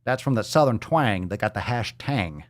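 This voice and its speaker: Brash, profane fitness show host. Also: male voice, on the low side, expressive, moderate pace, no room sound, clean studio sound. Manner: brash, profane, hype-man energy. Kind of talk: live-stream show, reading comments.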